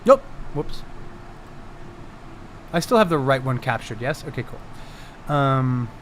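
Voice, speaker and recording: A man's voice: mid-range voice, very animated, slow pace, a bit bright, slight background noise. A man who runs a tabletop game, chatting casually on a live stream from home, laughing often and swearing freely.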